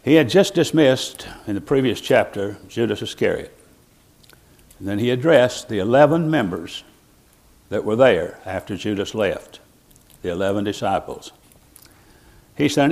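A man's voice: on the low side, expressive, a little slow, long pauses, a little mellow. Earnest man preaching a sermon. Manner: earnest, reflective, with restarts and swelling emphasis.

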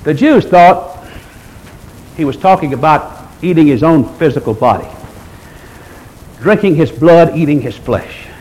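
A man preaching a sermon, reading scripture aloud and swinging between forceful emphasis and low hushed passages. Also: lively intonation, measured pace, long pauses, low-quality recording. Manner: reads scripture in King James wording.

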